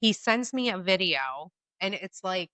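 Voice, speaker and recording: A middle-aged woman co-hosting a casual podcast, telling stories in an animated way and swearing freely. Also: medium pitch, measured pace, no room sound. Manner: animated storyteller who acts out quotes, swears freely. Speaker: podcast co-host. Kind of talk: casual chat, storytelling.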